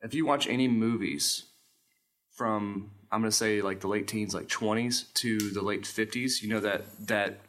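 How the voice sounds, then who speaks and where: A podcast host speaks in a low voice with a bright, forceful tone. He explains things at length in an easy, chatty way, and often stumbles and restarts his phrases as he goes. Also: fairly even intonation, normal speed. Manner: explanatory, storytelling, with stammered restarts. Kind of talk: casual chat.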